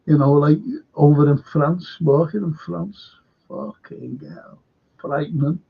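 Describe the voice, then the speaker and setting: Older scouse bloke telling stories on a stream, rough gravelly voice, lots of swearing, dull lo-fi sound. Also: male voice, on the high side, sing-song, slow. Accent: Liverpool. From Liverpool, England. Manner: swears freely, tells stories with frequent fillers. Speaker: host. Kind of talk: rambling anecdotal livestream chat.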